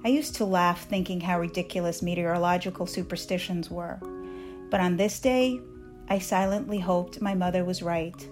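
A woman reading her own personal essay aloud in a measured, candid storytelling voice. She grew up in Soviet Ukraine. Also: fairly low pitch, fairly even intonation, music in the background.

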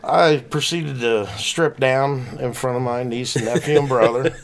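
A man's voice: medium pitch, fairly even intonation, a little slow, over a noisy crowd. A man, a podcast guest, casually telling funny stories about his own mishaps and his time as a paratrooper, chuckling as he goes. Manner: laid-back, chuckles while telling stories. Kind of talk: casual storytelling.

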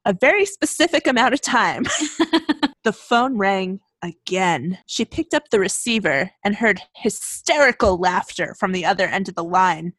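A podcast co-host in a casual chat, this woman reads a scary story aloud and keeps breaking into laughter and jokes. Her voice is mid-range with a fairly bright tone, and there's no room sound.

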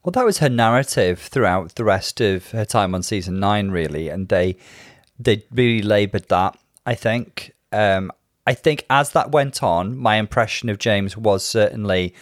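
A man's voice: fairly low pitch, animated, no room sound, clean studio sound. A man co-hosting a podcast, chatting casually and thoughtfully, often hedging his views. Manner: thoughtful, measured, hedging with "I think". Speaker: podcast co-host. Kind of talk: casual chat.

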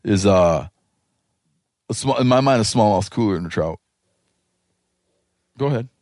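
A man hosting a podcast, talking in a rambling, animated, casual way and swearing now and then. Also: lowish voice, moderate pace, dry recording, studio quality. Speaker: podcast host. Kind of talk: casual chat.

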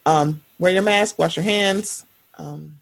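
A woman in her thirties hosts a casual podcast chat with a soft, breathy voice. She is lively and expressive, and her pitch shoots up whenever she acts out a quote. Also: slow. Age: 30s. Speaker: podcast host.

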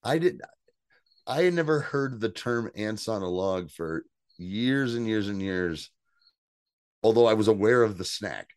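A man co-hosting a podcast, casually recapping an episode with animated, swearing commentary and acted-out quotes. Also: unhurried, no echo, studio quality. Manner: animated, acts out quotes with jumps in pitch, swears freely. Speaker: podcast co-host.

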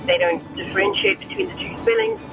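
A man's voice: high voice, wildly swooping pitch, quick pace, music in the background. A man sending an amused voice note to a radio show over a dull lo-fi line. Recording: dull lo-fi phone recording.

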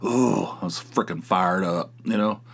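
A man's voice: low-pitched, a little slow, creaky. Rambling, self-mocking man podcasting solo. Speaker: podcast host. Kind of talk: casual solo chat. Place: home office.

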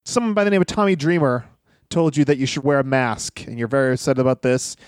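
A man's voice: medium pitch, quick pace, smooth, dry recording, studio quality. A man hosting a podcast, teasing his guest in a wry, casual way. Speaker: podcast host.

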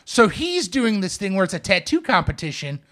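High-voiced man telling a rambling story. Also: big pitch swings, brisk, fairly bright tone. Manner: rambling, many "like" fillers, acts out quotes. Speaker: podcast co-host. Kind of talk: casual storytelling chat.

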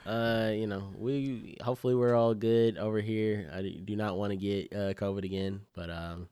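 A man's voice: lowish voice, fairly even intonation, normal speed, mellow, clean tone, no room sound. A young man casually telling a funny story on a podcast, laid-back and slangy, swearing freely. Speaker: podcast co-host.

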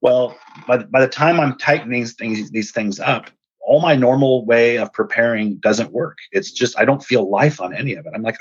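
A man's voice: medium pitch, moderate pace, husky, no echo, muffled recording. A man hosting a podcast, earnestly retelling a personal story and acting out the dialogue. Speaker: podcast host and speaker.

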